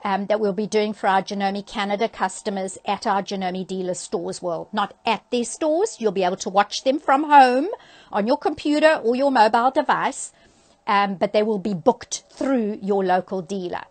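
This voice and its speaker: A woman's voice: medium pitch, normal speed. Brief: older woman, sewing educator, easygoing chatty phone live-stream host, plenty of fillers. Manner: chatty, friendly, with frequent ums and uhs. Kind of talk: casual live-stream announcements. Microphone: handheld phone.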